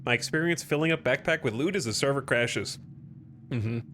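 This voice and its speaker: A man giving live gameplay commentary to his chat, clearing his throat often after choking. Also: mid-range voice, moderate pace, a bit bright, a little hiss or hum. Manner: talks to chat while playing, with frequent throat clearing. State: choking and coughing. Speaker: streamer.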